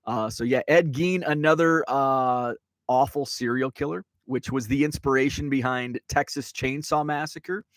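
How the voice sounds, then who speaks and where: A man of ordinary pitch chats loosely on his live stream, stopping to read out viewer comments. His talk wanders with many ums and restarts, and the sound is close and dry with no room around it. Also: fairly even intonation, moderate pace, dry recording. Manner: rambling, many fillers and restarts; reads viewer chat aloud. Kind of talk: casual live-stream chat. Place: Wisconsin home.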